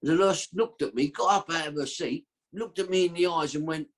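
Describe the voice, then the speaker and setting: A man's voice: on the high side, a little fast, hardly any pauses. A man telling a long story as a podcast guest, rambling and slangy, with a streetwise way of talking. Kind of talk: casual storytelling.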